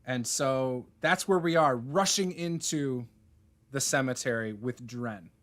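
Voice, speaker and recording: A man's voice: mid-range voice, a little slow, fairly bright tone. A man running a tabletop game over a video call, narrating loosely with many fillers. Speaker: game master.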